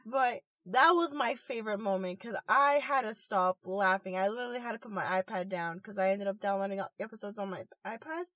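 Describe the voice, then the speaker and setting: A woman co-hosting a podcast in casual chat while sick and coughing, retelling things in a giggly, animated way. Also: medium pitch, a little fast, few pauses, no room sound. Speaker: podcast co-host.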